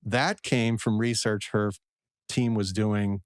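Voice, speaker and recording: A man's voice: lowish voice, fairly even intonation, takes it slowly, clean tone, dry recording, clean studio sound. A man, a venture investor and professor, answering interview questions in a digressive, self-deprecating way.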